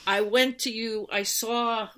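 A middle-aged woman from Boston with a Boston accent, chatting in an animated, storytelling way. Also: on the high side, slow. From Boston, USA. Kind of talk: casual chat.

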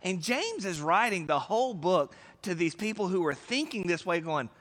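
A man preaching a sermon as pastor, animated and conversational, acting out little voices with big swings in loudness. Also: high voice, normal speed, long reverb tail.

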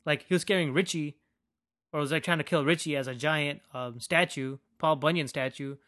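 A podcast host with a fairly high, fairly bright voice rants casually at a normal pace, rambling, swearing freely and saying "like" constantly. The recording is clean studio sound with no echo.

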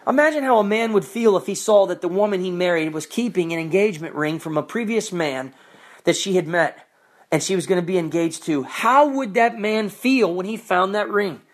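A preacher in an impassioned monologue, exhorting with fervent repetition. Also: medium pitch.

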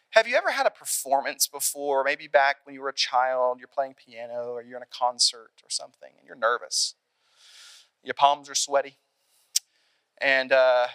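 A young man delivers a lively, conversational sermon, slipping into small acted-out scenes as he goes. His voice sits a touch high and has a bright, forceful ring. The sound is close and dry, with almost no room around it. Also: no room sound. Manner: animated, conversational preaching with acted-out asides. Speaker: pastor.

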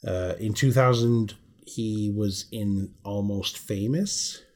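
A movie podcast co-host with a slow, low, slightly mellow voice casually runs through an actor's credits. It's relaxed chat, and he swears now and then.

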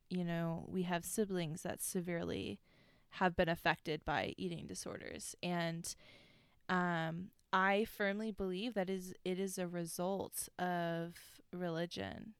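A woman's voice: on the low side, clear, resonant tone, no echo, studio quality. A young woman co-hosting a podcast in a casual chat, speaking frankly and bluntly and swearing now and then. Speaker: podcast co-host.

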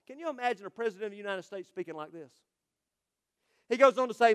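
A male pastor preaching a sermon, swinging between loud proclamations and quiet, quick asides. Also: high-pitched, animated, clear, resonant tone.

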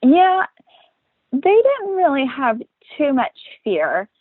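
A woman's voice: sits high, big pitch swings, slow pace. An upbeat woman in her thirties talks as a guest in a casual interview. She is matter-of-fact and slips into quoted voices as she tells her story. The line is thin and phone-like, with a dry sound and no room echo.

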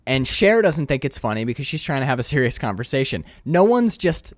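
A man's voice: mid-range voice, sing-song, brisk, dry recording, studio quality. A man co-hosting a casual chat about a movie, enthusiastic, laughing often and swearing freely. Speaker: podcast co-host.

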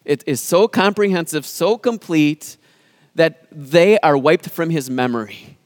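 A pastor giving an earnest sermon, speaking with emphasis and dramatic pauses. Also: male voice, a little high, expressive, no room sound, clean studio sound.

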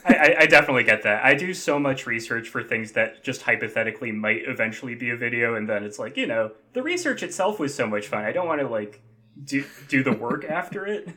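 Very bright-voiced man teasing. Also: mid-range voice, very animated, fast talker. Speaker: podcast guest, quiz player. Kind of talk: casual podcast chat.

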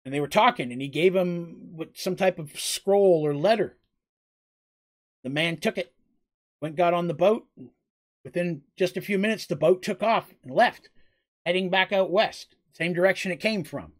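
Casual male game master narrating, fairly high voice. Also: normal speed. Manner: casual, rambling, with restarts.

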